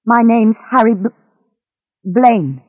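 A woman's voice: mid-range voice, lively intonation, unhurried, no room sound, highs cut off. A woman doing a stammering cowardly henchman. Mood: pleading. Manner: stammering and pleading.

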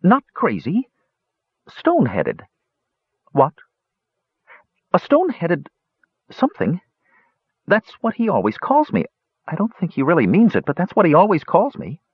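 A man's voice: on the high side, wildly swooping pitch, measured pace, long pauses, slightly rough, no room sound, lo-fi sound, pitched above the performer's own voice, full character voice. A man voicing a confused, sleepy young male squirrel who talks in a plaintive, drowsy way.

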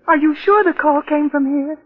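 A woman's voice: high-pitched, moderate pace, close to an everyday voice. A woman playing a distraught grieving niece. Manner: tense, distraught. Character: grieving young woman, niece of the dead lady. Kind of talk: 1940s radio acting. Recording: tinny old radio broadcast.

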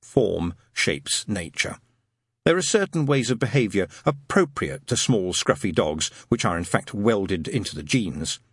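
A man narrating a comic novel as an audiobook, wry and expressive, switching into character voices. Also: on the low side, unhurried, breathy edge, dry recording, clean studio sound.

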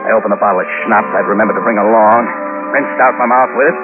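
An actor playing a hard-bitten carnival owner who narrates tersely in a 1940s radio drama. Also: male voice, fairly low pitch, quick pace, close to an everyday voice. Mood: brooding. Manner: terse, cold, brooding narration. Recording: dull old radio recording with music behind.

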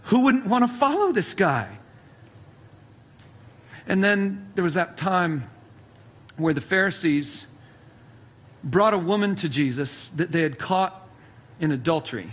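A man's voice: sits high, animated, measured pace, pauses often, fairly bright tone, breathy edge. A male pastor preaching a sermon, retelling stories casually and animatedly. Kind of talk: sermon storytelling.

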